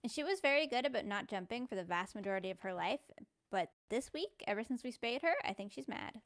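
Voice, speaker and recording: A woman's voice: on the high side, lively intonation, fast. A woman chatting casually on a voice call, wry and understated, laughing at her own complaints. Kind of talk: casual chat.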